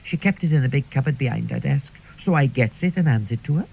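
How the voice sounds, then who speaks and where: A man's voice: medium pitch, expressive, quick pace, gravelly, darkish tone, breathy edge, poor audio. A man playing a chatty, middle-aged Welsh woman in a radio comedy monologue, who tells rambling stories sprinkled with "like" and "see". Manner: rambling, confiding, peppered with "like" and "see".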